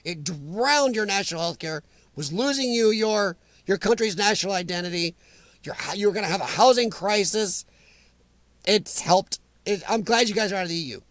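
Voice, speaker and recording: An American man with a fairly high voice hosts a casual live chat. He rambles and gets emphatic as he answers viewers by name, and his voice sounds close and dry, with no room echo. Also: moderate pace, fairly bright tone. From United States. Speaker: livestream chat host.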